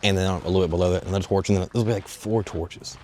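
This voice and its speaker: A young man filming a casual walking travel vlog, talking straight to viewers in a joking, excitable way with plenty of swearing, out of breath as he goes. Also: deep voice, very fast, a little hiss or hum. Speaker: travel vlogger. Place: outdoors and in stone tunnels of a sea fortress. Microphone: phone on a selfie stick.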